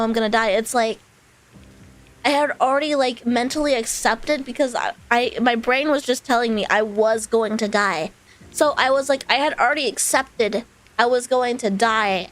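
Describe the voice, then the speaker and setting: A woman's voice: a little high, fairly bright tone, slight background noise, low-quality recording. A woman streamer telling a personal story in a casual, rambling way, full of fillers and small laughs. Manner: rambling, filler-heavy, with laughs between phrases.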